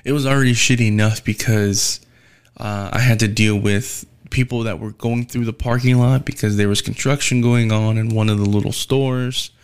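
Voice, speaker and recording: A man's voice: lowish voice, steady tone, normal speed, clear, resonant tone. A man working as a delivery driver tells a casual, rambling storytime rant, swearing heavily and sounding weary and fed up. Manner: profane and rambling, heavy swearing.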